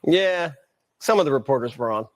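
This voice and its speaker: A man's voice: mid-range voice, expressive, a little fast. A man anchoring a TV news segment, delivering the report with a wry, sarcastic edge.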